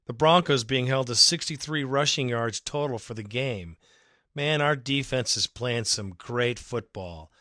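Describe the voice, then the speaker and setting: A man's voice: medium pitch, measured pace, pushed and bright, no echo, studio quality. A man hosting a fan podcast, ranting emphatically and with exasperation about his team's coaching. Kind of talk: ranting sports commentary.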